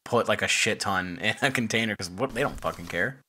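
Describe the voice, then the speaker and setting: A man's voice: fairly low pitch, fairly quick, sharp tone, slightly rough. A man chatting on a casual podcast, laughing often and swearing casually. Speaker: podcast co-host. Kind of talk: casual chat.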